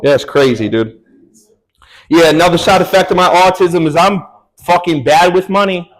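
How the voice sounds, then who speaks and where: A man's voice: sits high, normal speed, a little hiss or hum, poor audio. A young man performing a stand-up comedy set on a club stage, telling crude, loose stories with slangy asides.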